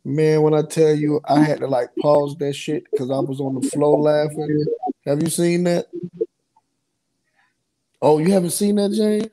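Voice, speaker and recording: A man chats casually, recounting a comedy bit with lively, animated energy. His voice sits a touch higher than most men's. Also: unhurried, long pauses, dry recording, rough recording. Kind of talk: casual chat.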